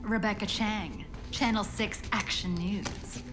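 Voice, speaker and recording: An actress playing a pushy, skeptical TV news reporter in a game cutscene, with music behind. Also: female voice, medium pitch, fairly even intonation, slow pace, lightly acted.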